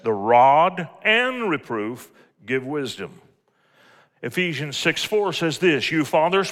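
Quoting scripture between homespun family anecdotes, a middle-aged preacher delivers his sermon in a higher-than-usual voice with a sharp tone. The sound carries a long hall reverb.

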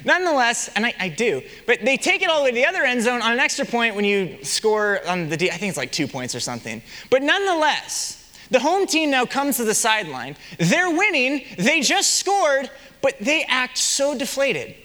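Lively, bright-voiced young male preacher. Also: very high voice, normal speed, big-room sound. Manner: animated storytelling with rhetorical questions. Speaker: pastor. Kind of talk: sermon.

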